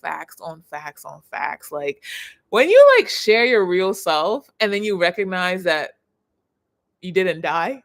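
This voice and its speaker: A woman in her thirties, a personal branding coach, talking on a live stream in an expressive way that swings from soft to loud. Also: lowish voice, takes it slowly.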